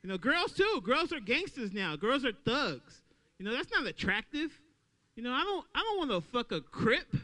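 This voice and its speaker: A man doing a stand-up comedy set at an open mic, talking loudly and playing out little voices for the crowd. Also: very high-pitched, normal speed. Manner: loud, animated crowd work with acted-out voices.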